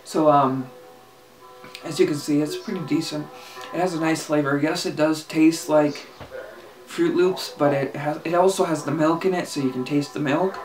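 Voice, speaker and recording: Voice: medium pitch, steady tone, normal speed, a little mellow. Rambling casual reviewer, faint music behind. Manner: rambling, hesitant, lots of fillers and restarts. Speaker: e-liquid reviewer.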